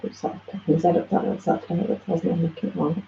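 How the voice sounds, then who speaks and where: A woman's voice: lowish voice, fairly even intonation, very fast, vocal fry. A woman attending a satsang, hesitantly sharing her experience with the teacher. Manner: hesitant, searching for words. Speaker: satsang participant. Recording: roomy dull audio with faint noise.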